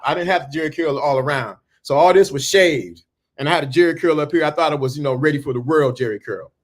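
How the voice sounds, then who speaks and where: A man telling a story in a talk, animated and full of stammering restarts. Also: fairly high pitch. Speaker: speaker.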